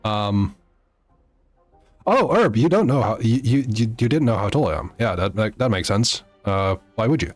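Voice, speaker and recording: A man chatting to viewers on a live game stream, halting often with fillers and restarts. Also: fairly low pitch, animated, soft background music. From Netherlands. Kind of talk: live gameplay stream chat.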